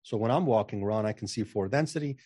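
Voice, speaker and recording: A man with a lowish, breathy-edged, warm voice talks fast as a guest on a casual interview podcast, where he works as a channeling coach. He sounds self-assured and emphatic, often repeating words when starting sentences. The recording is clean, studio-quality, with no room sound.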